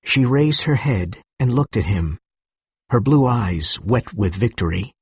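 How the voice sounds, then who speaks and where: Male narrator, very husky voice, dry close sound, measured reading. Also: mid-range voice, animated, no room sound. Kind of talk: scripted story narration for learners.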